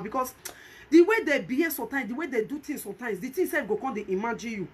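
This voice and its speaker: Nigerian pidgin woman ranting on her vlog, high pitched, keeps repeating herself. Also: animated, quick pace, a little hiss or hum. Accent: Nigerian Pidgin English. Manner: emphatic, repetitive, pleads with viewers. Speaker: vlogger. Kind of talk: casual commentary vlog.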